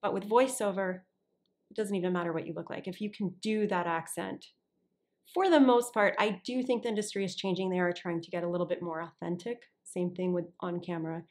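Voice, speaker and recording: A woman's voice: on the low side, fairly even intonation, a little fast, darkish tone. A woman who works as an actor and voiceover artist, chatting as a guest in an interview, often restarting sentences and checking that the listener follows. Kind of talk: casual interview talk.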